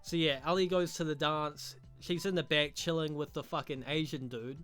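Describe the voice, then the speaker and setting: Foul-mouthed dude ranting about a show, bright crisp voice, kinda high. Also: male voice, steady tone, normal speed, faint music behind. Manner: crude, profane and mocking. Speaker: show reviewer. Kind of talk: casual vlog review.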